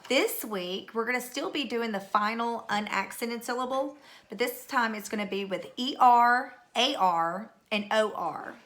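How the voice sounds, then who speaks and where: A woman's voice: fairly high pitch, measured pace, fairly bright tone, a little hiss or hum. A middle-aged woman teacher recording a spelling lesson at home, patiently calling out words and spelling them letter by letter.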